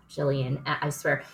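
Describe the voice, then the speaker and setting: A woman in her forties with a fairly low voice, talking as an actress and producer in a casual podcast conversation. She tells stories in a chatty, animated way and gets emotional along the way. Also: vocal fry.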